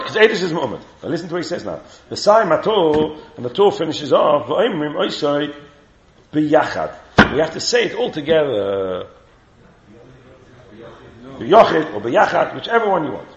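A man teaching a Torah class, questioning his students and chanting the Hebrew texts he quotes. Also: high voice. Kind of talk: lively classroom Talmud lesson. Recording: roomy, dull lo-fi class recording with faint hiss.

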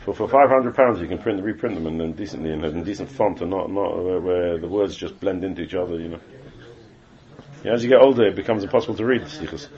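A man's voice: sits low, fast talker, darkish tone. A man teaches a class on Jewish law, explaining texts and repeating phrases as he goes. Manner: explains texts, switches between English and Hebrew terms, repeats phrases. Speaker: teacher leading a Torah class. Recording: dull lo-fi classroom recording.

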